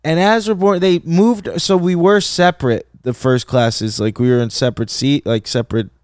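A podcast co-host tells a story in casual conversation, animatedly acting out the voices of its characters and laughing often. His voice is a little high, clear and resonant at a moderate pace, in a dry, studio-quality recording.

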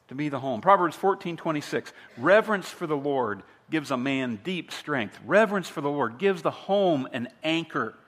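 A man's voice: a little high, fairly bright tone. A middle-aged man, a pastor, delivering a sermon in a conversational storytelling way, often restarting his sentences.

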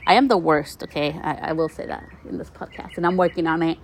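A woman's voice: sits low, fast talker, slight background noise. A woman hosting a podcast, talking casually and encouragingly to listeners as a mother, recorded outside her country home. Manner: warm, chatty, encouraging, addresses listeners as "you guys". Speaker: podcast host. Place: outdoors near a country house. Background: birdsong.

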